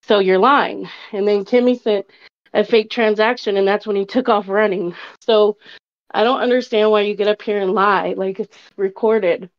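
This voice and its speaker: A woman's voice: medium pitch, steady tone, moderate pace. Sarcastic woman caller on dull lo-fi audio. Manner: accusing, sarcastic. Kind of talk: casual voice chat.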